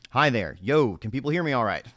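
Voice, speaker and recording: A man's voice: mid-range voice, big pitch swings, brisk, a bit bright, dry recording, studio quality. A man hosting a gaming news show, reading the news out live and chatting casually about it as he reads. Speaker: gaming news channel host.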